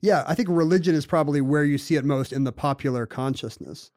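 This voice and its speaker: Talking fast in a high-leaning, darkish voice, a man rambles through long explanations as a podcast co-host. His casual chat is packed with "you know" fillers and restarts, captured in a dry, clean studio recording.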